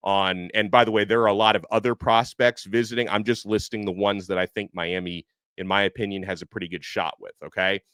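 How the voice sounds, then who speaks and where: Guy hosting a sports podcast, chatty and animated, um-ing a lot, dry close sound. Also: lowish voice, brisk, few pauses, smooth, dry recording. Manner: chatty, animated, lots of fillers. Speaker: podcast host. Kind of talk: casual sports podcast talk. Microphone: headset earpiece.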